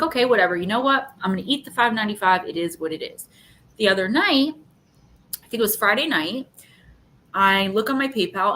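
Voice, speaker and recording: A woman hosting a live chat vents about a frustrating customer service mess. She tells it in a fed-up, animated way and plays out both sides of the calls. A faint low rumble sits under her voice. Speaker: livestream host. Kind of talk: casual live chat, telling a story.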